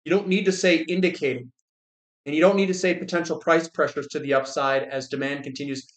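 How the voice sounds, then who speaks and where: Male finance host, fairly high voice, blunt and exasperated, restarts a lot, echoey room. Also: fairly even intonation, fairly quick. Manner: blunt, exasperated, repeats words when restarting. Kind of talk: casual commentary.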